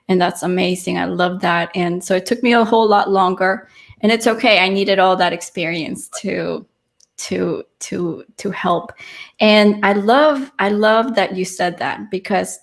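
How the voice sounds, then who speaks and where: Chatty woman hosting a live talk show. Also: lowish voice. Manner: chatty and effusive. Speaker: host.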